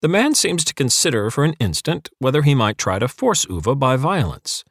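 Brief: male audiobook narrator, mid-pitched, measured delivery, dry studio sound. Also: big pitch swings, no echo. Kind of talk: scripted narration.

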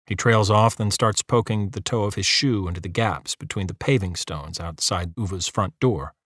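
A man's voice: fairly low pitch, fairly bright tone, no room sound. Dry, close-miked male audiobook narrator. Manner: measured, dry storytelling. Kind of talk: scripted narration.

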